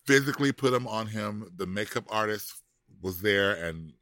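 A man's voice: lowish voice, animated, normal speed, sharp tone, dry recording, clean studio sound. A man co-hosting a podcast in casual chat, sassy and drawling, laughing often. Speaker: podcast co-host.

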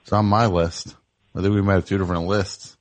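Low-voiced male talk show host. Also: fairly even intonation, brisk. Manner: teasing, riffing and rambling. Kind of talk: comedic call-in chat.

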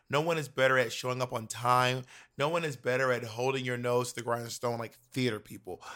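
A man who performs in drag and acts, telling stories in a casual chat over a video call, animated, campy and profane. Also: mid-range voice. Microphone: remote video call.

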